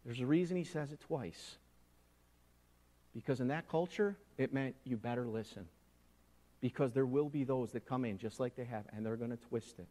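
A man preaching a sermon, swinging from hushed asides to loud, emphatic proclamation. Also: mid-range voice, brisk, long reverb tail. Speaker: pastor.

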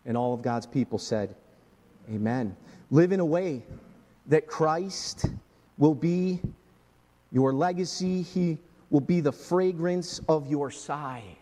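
Impassioned preacher in a reverberant hall. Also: male voice, fairly high pitch, takes it slowly. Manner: swings from hushed to soaring and emphatic. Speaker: pastor. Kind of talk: sermon.

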